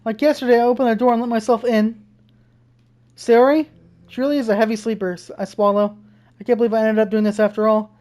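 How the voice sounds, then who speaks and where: Faint game music sits behind this young woman, a gaming streamer working through a visual novel. Her mellow voice is a little high with little pitch movement and a fast pace, and she reads the game text aloud before breaking into scared curses.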